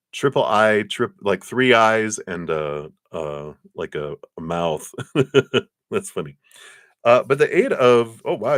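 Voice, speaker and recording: In a relaxed, chatty live tarot reading, a man with a very deep voice laughs easily and reads the card texts aloud. He is close and dry on the mic, with no room sound.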